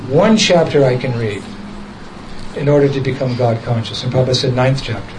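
A man's voice: mid-range voice, quick pace, noisy background. A man casually telling a story from his past, often chuckling and quoting the people in it directly. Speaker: devotee recounting a memory.

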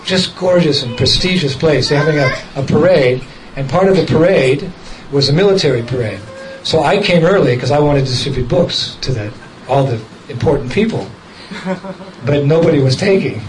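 A man's voice: fairly high pitch, lively intonation, normal speed, background noise. A man casually telling a story from his past, often chuckling and quoting the people in it directly. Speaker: devotee recounting a memory.

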